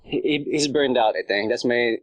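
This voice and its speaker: A man's voice: medium pitch, normal speed, dry recording, low-quality recording. A man chatting as a podcast guest, rambling with lots of fillers and laughter. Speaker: podcast guest, subreddit creator. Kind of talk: casual chat.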